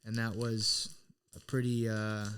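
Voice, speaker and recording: A man's voice: lowish voice, level tone, measured pace, a bit bright, a little hiss or hum. A middle-aged man co-hosting a podcast, earnestly telling a personal story in a casual, reflective way, with many restarts. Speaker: podcast co-host.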